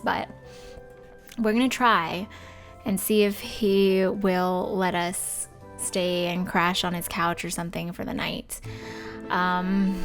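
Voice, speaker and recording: A young woman hosting a let's play, chatting casually as she plays and voicing her game characters in quick asides. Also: medium pitch, a bit bright. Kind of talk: casual gameplay commentary.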